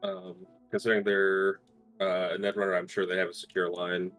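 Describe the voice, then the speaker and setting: A man's voice: low-pitched, big pitch swings, fairly quick, creaky, a bit bright, faint music behind. A man playing a tabletop role-playing game, earnest and intense, swearing freely. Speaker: player.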